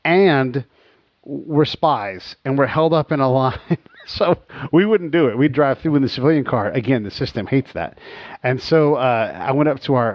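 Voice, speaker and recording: A man's voice: mid-range voice, moderate pace, no room sound, dull audio. A man hosting a podcast, telling stories in a casual chat and acting out the dialogue he quotes. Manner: animated, acts out quoted dialogue. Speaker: podcast host.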